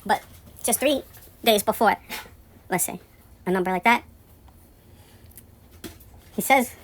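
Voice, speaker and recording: A woman at a middle pitch tells a story in a loose, rambling monologue. She is profane and indignant, and her voice jumps higher and louder when she is exasperated. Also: slow pace, a little hiss or hum. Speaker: vlogger telling a story about her building.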